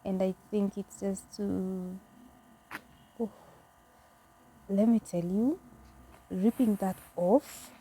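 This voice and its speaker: A woman's voice: medium pitch, steady tone, slow, long pauses, warm tone, a little hiss or hum. A woman vlogging a casual home tutorial, chatty and candid, laughing at herself as she goes. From Kenya.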